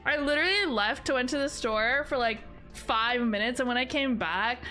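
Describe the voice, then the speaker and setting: Bright, chatty young woman streamer. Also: moderate pace, soft background music. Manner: rambling, chatty, bursts into high laughter. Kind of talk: casual live-stream chat.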